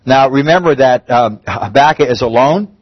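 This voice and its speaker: A man's voice: mid-range voice, lively intonation, moderate pace, breathy edge, dry recording. A man preaching a sermon in a conversational way, restarting phrases and lifting his voice on emphatic pleas, recorded with a dull, muffled sound. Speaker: pastor.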